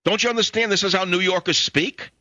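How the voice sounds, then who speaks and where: Excitable New York radio host. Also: male voice, high-pitched, fast talker, no echo, muffled recording. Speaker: radio talk show host. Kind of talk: talk radio monologue. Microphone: studio microphone.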